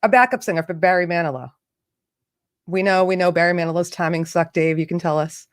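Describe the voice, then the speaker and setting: A woman's voice: on the low side, brisk. A woman hosting a casual livestream, chatting in a bubbly way straight to her viewers and a remote chat. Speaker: livestream host.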